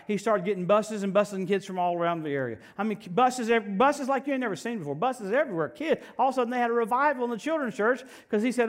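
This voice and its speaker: A male preacher with a high-pitched voice delivers his sermon with animation and humor. He swings from loud, excited bursts to quiet, confiding asides. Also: fast, few pauses. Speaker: pastor.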